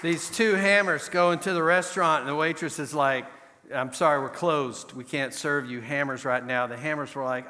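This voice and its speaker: A man's voice: fairly high pitch, moderate pace, bright, forceful tone. A man performing live improv comedy, telling jokes in a dry, self-deprecating way. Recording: long hall reverb.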